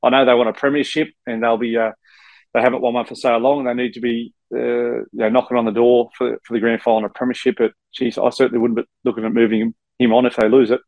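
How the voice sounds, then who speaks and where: A man's voice: mid-range voice, level tone, fast talker, no room sound, dull audio. An Australian man co-hosts a casual sports chat from a hotel room. He rambles with plenty of restarts and fillers. His mid-range voice sounds close and dry. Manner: rambling, many fillers and restarts, says mate often. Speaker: co-host, former player.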